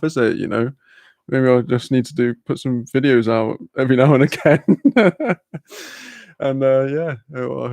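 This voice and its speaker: Gravelly laid-back man. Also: medium pitch, darkish tone, dry recording. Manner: laid-back, laughs often, swears casually. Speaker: livestream host. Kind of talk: casual chat reading out viewer comments.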